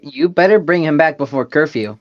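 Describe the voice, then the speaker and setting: A man voicing a brash New York woman in a wobbly attempted Brooklyn accent, with a stammering, strained high voice. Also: lively intonation, fairly quick, highs cut off, natural voice. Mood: flustered.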